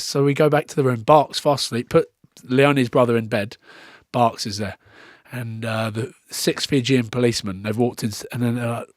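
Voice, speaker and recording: A man's voice: medium pitch, fairly quick, a bit bright, no room sound, clean studio sound. A man from Scotland, a former rugby player, telling stories as a podcast guest in casual chat. He swears freely and acts out the people he quotes.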